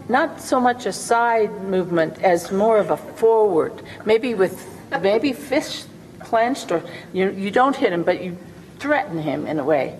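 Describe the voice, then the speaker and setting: A woman improvising a role-play as a career coach, speaking in a coaxing, mock-earnest way. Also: on the high side. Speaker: workshop co-presenter. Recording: reverberant hall, faint hum.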